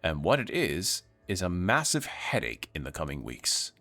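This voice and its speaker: A man's voice: sits low, wildly swooping pitch, moderate pace, pushed and bright, soft background music, exaggerated voice. A man putting on a haughty, scheming game lord. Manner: clipped, haughty and condescending. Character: smug scheming male city lord.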